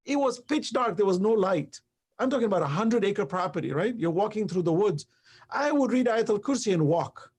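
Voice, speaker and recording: A man's voice: sits high, brisk, breathy edge. A man speaking as a guest on a talk show, earnest and emphatic, telling stories with quoted exchanges. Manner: animated storytelling with quoted exchanges. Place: live online show.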